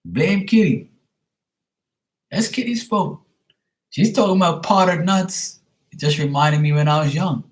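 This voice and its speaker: A man's voice: fairly high pitch, a little slow, pauses often, reverberant. A man hosting a casual livestream chat, talking in a joking, crude, rambling way. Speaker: livestream host.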